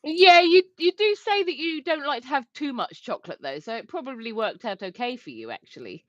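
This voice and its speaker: A woman's voice: sits high, lively intonation, brisk, fairly bright tone, dry recording, muffled recording. A woman co-hosting a livestream, chatting casually and reading out viewer comments. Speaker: livestream co-host.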